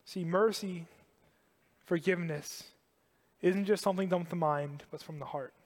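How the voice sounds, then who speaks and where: A man preaching a sermon to a congregation, animated and emphatic, repeating key phrases. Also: sits high, normal speed, in a large hall. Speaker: pastor.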